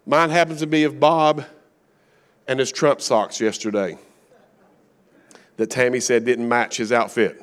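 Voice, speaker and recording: A man's voice: mid-range voice, steady tone, measured pace, pauses often, a bit bright. A middle-aged man with a Kentucky accent, preaching a sermon as a guest speaker in a folksy, joking storytelling manner.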